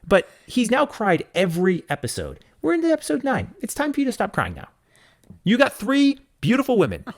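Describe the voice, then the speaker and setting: A man's voice: high-pitched, huge pitch swings, a little fast. A man co-hosting a podcast, in casual chat, ranting in an emphatic, mock-stern way. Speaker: podcast co-host.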